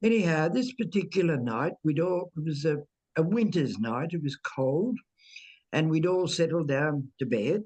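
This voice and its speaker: A woman slowly recounting a personal ghost story in casual conversation, hesitant, with fillers and repeated words. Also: low voice, animated, a little mellow, slightly rough. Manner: unhurried, dwelling on details. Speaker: medium telling her own ghost stories.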